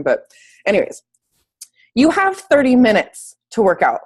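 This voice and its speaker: A woman's voice: fairly high pitch, wildly swooping pitch, a little slow, darkish tone, breathy edge. A sick, slightly wheezy woman giving an upbeat, emphatic motivational talk as a fitness coach on a team call from home, speaking in casual slang. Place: at home, in bed.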